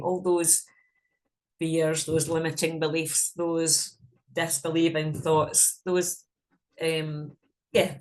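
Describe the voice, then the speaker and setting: A woman leading a guided visualization in a frank, casual way, swearing freely as she talks. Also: low-pitched. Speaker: meditation guide.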